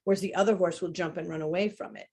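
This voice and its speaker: A woman teaching about horse behavior in a webinar conversation, talking in an animated way and demonstrating sounds as she explains. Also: fairly low pitch, fast talker, vocal fry, husky.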